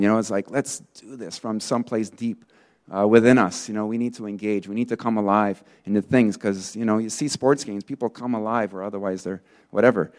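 Male preacher, earnest, rambling, fillers, fairly low voice, sermon. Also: a little mellow. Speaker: pastor.

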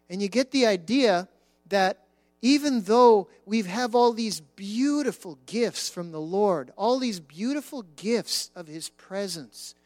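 A man preaching a sermon, emphatic, repeating words for stress and dropping his voice low on key phrases. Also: no room sound. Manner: emphatic, repeats words for stress, dramatic drops to near-whisper. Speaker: pastor.

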